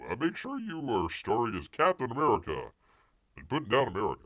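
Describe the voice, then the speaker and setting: A man's voice: medium pitch, very animated, fairly quick, sharp tone, no echo. A man hosting a show, giving sarcastic, rambling news commentary full of fillers and asides. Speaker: host.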